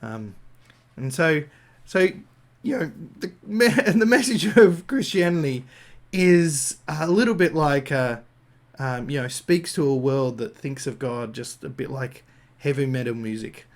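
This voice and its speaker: This Australian Christian speaker talks off the cuff, working through his thoughts aloud with plenty of fillers and restarts. His mid-range voice has lively intonation and an unhurried pace.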